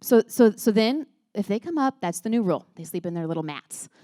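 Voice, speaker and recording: A woman's voice: mid-range voice, expressive, a little fast, mellow, dry recording. Chatty, earnest woman with a dry sound. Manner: chatty and earnest, with many restarts and laughs. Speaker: speaker at a church moms' gathering. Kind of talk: casual talk to a women's group.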